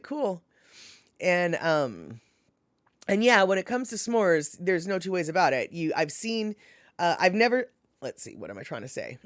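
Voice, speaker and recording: Lively chatty live streamer. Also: mid-range voice, dry recording, studio quality. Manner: chatty, rambling, many fillers and self-corrections; responds to viewers by name. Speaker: live streamer reading viewer chat. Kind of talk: casual live-stream chat.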